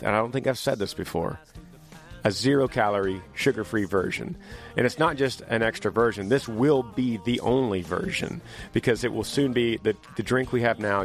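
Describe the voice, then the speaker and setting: A man hosting a casual monologue to his viewers, animated and joking, teasing as he talks. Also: mid-range voice. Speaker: host.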